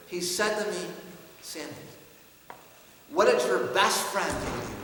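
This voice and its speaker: A bright, high-pitched man gives a motivational talk to a live audience. His delivery swings between loud acted-out dialogue and hushed asides, and his voice rings around a large, echoey hall. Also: moderate pace. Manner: animated storytelling, acting out dialogue with sudden loud and soft swings. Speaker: motivational speaker.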